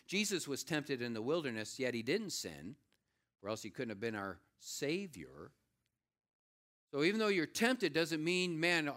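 A middle-aged man delivers a sermon with a mid-range voice that moves a lot. He pushes up loud and high on key points, then sinks to a low, hushed tone for asides. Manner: animated preaching, swinging from raised emphatic lines to low quiet asides. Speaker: pastor.

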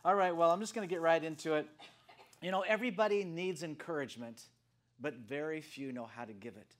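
A man of seventy preaching a casual, animated sermon, joking with the congregation and swinging from soft to loud. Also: on the high side, a little fast. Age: 70s. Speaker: guest preacher.

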